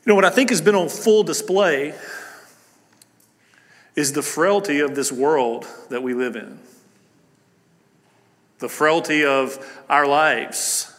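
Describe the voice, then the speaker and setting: A man delivering a church sermon in a bright, forceful voice pitched a little high. He talks earnestly and conversationally, with plenty of fillers and restarts. The sound carries the long reverb of a church hall. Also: takes it slowly, pauses often. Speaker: pastor. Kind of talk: sermon with opening prayer. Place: church service.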